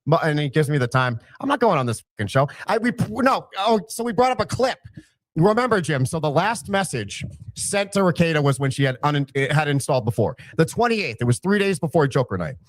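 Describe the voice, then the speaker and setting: A man's voice: a little high, very animated, brisk, no echo. A man telling a story on a podcast and reading out messages in mocking voices.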